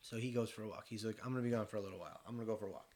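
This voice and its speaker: A man from Michigan telling a hunting story in casual chat, animated and swearing freely as he acts out the voices of the people in it. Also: on the low side, racing.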